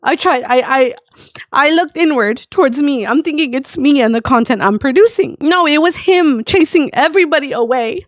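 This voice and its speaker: A woman's voice: a little high, lively intonation, moderate pace, dry recording, clean studio sound. A woman streamer venting to her chat in a blunt, profane, emotional rant. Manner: emotional, tearful at times. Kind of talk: emotional ranting vlog.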